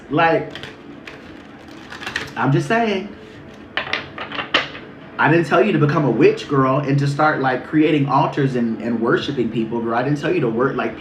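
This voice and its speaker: A man doing a casual spiritual reading on a livestream, talking in a sassy, profane, animated way. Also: on the high side, noisy background. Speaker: spiritual reader. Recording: echoey room.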